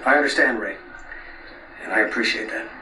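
An actor playing an earnest, principled male Mountie in a TV drama, speaking in a polite, measured, formal way. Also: medium pitch, pushed and bright, slight background noise. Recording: echoey TV audio from a distance.

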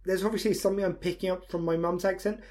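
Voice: medium pitch, fairly even intonation, quick pace, darkish tone. A podcast host chatting casually, earnest and enthusiastic, with some swearing.

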